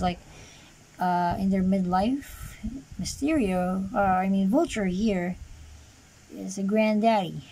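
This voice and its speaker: A woman's voice: medium pitch, creaky, warm tone, low-quality recording. A woman casually reviewing an action figure on camera, rambling with lots of fillers and dry sarcastic asides. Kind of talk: casual unscripted toy review.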